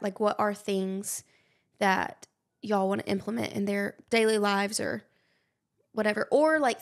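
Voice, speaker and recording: A young woman, hosting a podcast in casual chat, gushing and animated. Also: medium pitch, gravelly. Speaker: podcast host.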